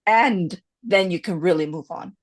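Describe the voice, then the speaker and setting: A woman's voice: lowish voice, a little slow, no echo. A woman co-hosting a podcast, telling stories candidly and slipping in Spanish phrases. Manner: chatty, with many "you know" fillers. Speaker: podcast co-host. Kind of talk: casual podcast chat.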